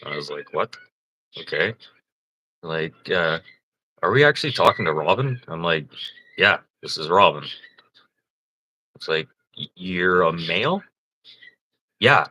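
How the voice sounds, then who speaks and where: Deep-voiced and lively in intonation, he takes his time with long pauses, his tone bright, forceful and slightly rough. On a poor-quality recording, the livestream host rambles through profane stories, laughing frequently in casual chat.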